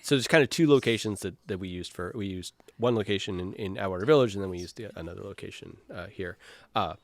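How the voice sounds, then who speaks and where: Casting note: man, slightly low voice, film director talking over his own movie, rambling and keen. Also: quick pace, no room sound. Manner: rambling, enthusiastic, many fillers and restarts. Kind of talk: director's commentary, casual chat.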